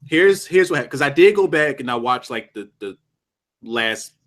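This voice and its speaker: A man's voice: mid-range voice, normal speed. A young man in a casual podcast chat, telling a long anecdote with many restarts and some swearing. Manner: animated storyteller, lots of restarts and swearing. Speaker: podcast co-host.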